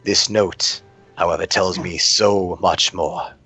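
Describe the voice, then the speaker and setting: A stately king with a lowish voice and grave, formal manners, as a game master puts him on. He speaks in measured, slow phrases while soft music plays behind. A tabletop game ruler, dignified and earnest. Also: fairly even intonation, slightly rough, dry recording, heavily acted. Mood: solemn. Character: solemn middle-aged male king of a small realm.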